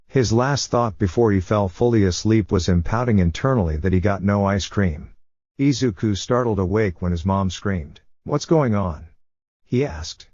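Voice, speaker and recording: A man narrating a fiction story in a steady storytelling manner. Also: fairly low pitch, no echo. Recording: dull dry lo-fi recording.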